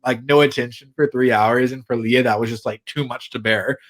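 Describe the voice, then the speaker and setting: A man's voice: medium pitch, steady tone, fairly quick, fairly bright tone. A young man co-hosting a podcast, chatting casually and gossiping about reality TV, acting out quotes and swearing freely. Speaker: podcast co-host. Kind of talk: casual chat recapping reality TV.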